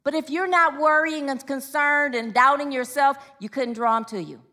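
A woman delivers a sermon in a high, bright voice. She moves between personal storytelling and calling out to the congregation, asking them to answer back. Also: normal speed. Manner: call-and-response with the congregation. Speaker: preacher.

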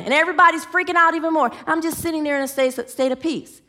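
A woman's voice: very high-pitched, quick pace, hardly any pauses, bright, forceful tone. A woman teaching a sermon in an earnest manner, leading her listeners in affirmations and telling stories with animation. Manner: earnest, leads the group in affirmations. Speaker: spiritual teacher.

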